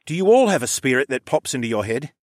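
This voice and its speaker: A man's voice: medium pitch, very animated, quick pace, no room sound, studio quality, voice pushed up. A man voicing a cold, commanding young male noble who speaks in clipped, authoritative lines. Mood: modest.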